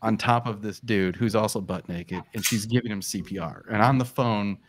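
A man telling a story in a casual live show chat, swearing freely and acting out quotes in a high voice. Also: moderate pace, a little hiss or hum.

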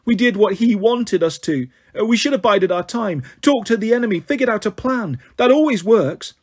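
A man's voice: high voice, lively intonation, normal speed, slightly rough, pitched above the performer's own voice. A man reading aloud, voicing a clever teenage girl who stammers and speaks urgently. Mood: anxious.

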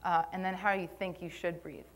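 A young woman talks fast in a fairly low voice with fairly even intonation, presenting on posture and Pilates at a live conference in a conference room. Her manner is conversational and slightly nervous, full of filler ums.

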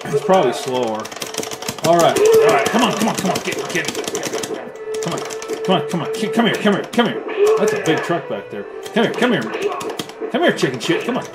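A man giving casual gameplay commentary while reviewing a retro games console, excitable and swearing as he trash-talks the game. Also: a little high, fairly quick, long pauses, heavy background noise. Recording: loud game music behind the voice. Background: loud arcade game music.

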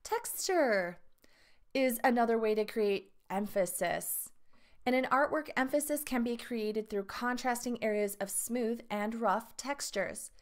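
A woman's voice: fairly high pitch, a little slow. A woman art teacher reading test review questions and lesson text aloud to her students, with her own asides. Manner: reads questions and answer choices aloud, adds asides to students.

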